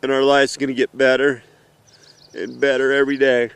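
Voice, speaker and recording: Man, middle-aged, heartfelt message to his kids, emotional, halting, smooth voice, flat delivery, outdoors in the mountains. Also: medium pitch, dry recording. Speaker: father addressing his children. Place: outdoors in the mountains, seated in an off-road vehicle.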